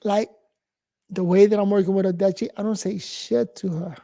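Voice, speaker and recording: A man's voice: high voice, fairly even intonation, moderate pace, creaky, dark tone. A man in his forties from New York, giving a blunt, profane, rambling casual monologue as host.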